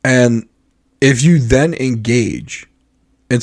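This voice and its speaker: A man's voice: mid-range voice, moderate pace, husky. An American man co-hosting a podcast, chatting casually and acting out other people's reactions as he tells stories. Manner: animated storyteller, acts out others' reactions. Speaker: podcast co-host. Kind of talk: casual chat.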